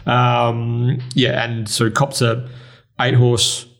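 Aussie racing podcast guy, gravelly voice, quick on the form guide. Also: mid-range voice, monotone, a bit bright. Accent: Australian. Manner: brisk, runs through form in quick bursts. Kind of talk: casual race preview chat.

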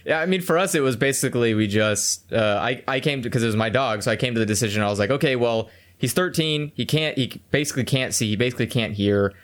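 A man's voice: medium pitch, fast talker, few pauses. A young man co-hosting a podcast, telling stories in a blunt, profane way and acting out what people said. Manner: blunt, profane storytelling with acted-out quotes. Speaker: podcast co-host. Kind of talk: casual podcast chat.

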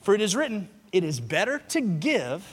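A man preaching a sermon to a congregation, moving from quiet teaching to loud, shouted passages and asking the room to repeat lines after him. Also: high voice, sing-song, normal speed, slightly rough. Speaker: pastor. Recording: long hall reverb.

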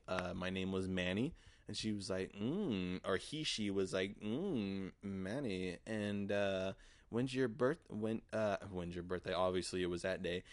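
A man's voice: fairly low pitch, no room sound. A man in his twenties hosting a podcast, telling a story in a rambling, profane way full of filler words. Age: 20s. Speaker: podcast host. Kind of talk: casual storytelling monologue.

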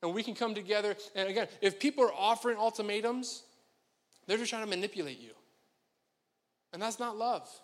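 A man's voice: high voice, brisk, pauses often, in a large hall. A man preaching a sermon to his congregation, talking in a conversational, joking way straight to the people in front of him. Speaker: pastor. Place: church sanctuary.

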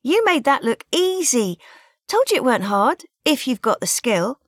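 A woman's voice: high voice, animated, normal speed, no room sound, studio quality, voice pushed up. A woman doing a cheeky young stall girl. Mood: cheeky, teasing.

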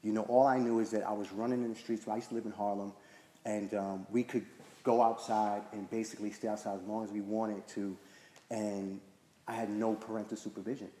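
A man's voice: fairly low pitch, little pitch movement, fairly quick, warm tone. Man sharing his story in an echoey hall. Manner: conversational, frequent "right?" and "like" fillers. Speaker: speaker sharing at a recovery meeting. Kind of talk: personal story share. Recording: echoey hall with faint noise.

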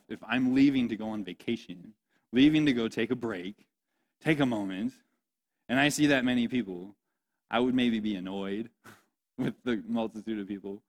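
A young man preaching a sermon in a playful, joking way, often asking the audience questions. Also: mid-range voice. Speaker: pastor.

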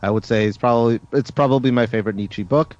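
A man chatting on a podcast with a mid-pitched voice, rambling through recommendations and teasing his friends with swear words. The recording is dull and lo-fi. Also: fast talker, a little mellow, no room sound. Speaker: podcast co-host. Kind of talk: casual chat. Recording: dull lo-fi sound.

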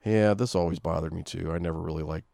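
A man's voice: deep voice, steady tone, quick pace, creaky, dark tone, dry recording. A man co-hosting a casual movie commentary podcast, talking hesitantly with many fillers. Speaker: podcast co-host.

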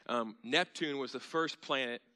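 Guy pastor giving a sermon, bright voice, chatty then punchy, goes quiet for the tender bits. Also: medium pitch, measured pace. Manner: conversational preaching, rising to emphatic then dropping soft. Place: church.

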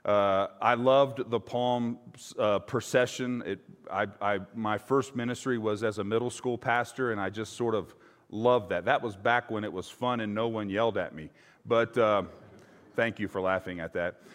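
A man's voice: lowish voice, fairly even intonation, normal speed. A male pastor giving a conversational sermon and reading scripture. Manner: conversational, hesitant with fillers. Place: church sanctuary. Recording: long church reverb.

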